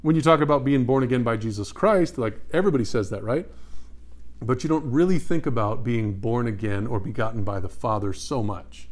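A man teaching a Bible study. He reads scripture slowly and with emphasis and puts questions to his listeners. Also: medium pitch.

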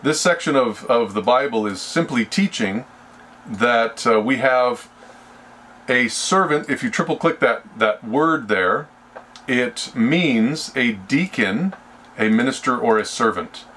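A man leading a Bible study, speaking slowly and deliberately and often restarting his sentences. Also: medium pitch, expressive, a bit bright, a little hiss or hum. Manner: slow and deliberate, with frequent restarts. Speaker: Bible teacher.

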